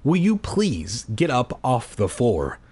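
A stern, exasperated mother, voiced by a man, scolding her son in a steady, disapproving tone. The voice sits somewhat higher than a natural male register. It keeps a slightly husky grain throughout. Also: slow, exaggerated voice.

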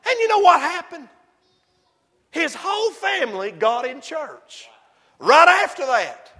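Preacher guy, real high bright voice, shouting and whooping, big echoey church hall. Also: sing-song, measured pace. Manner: hollers and whoops, swings between shouting and low asides. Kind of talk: shouting sermon. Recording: long hall reverb.

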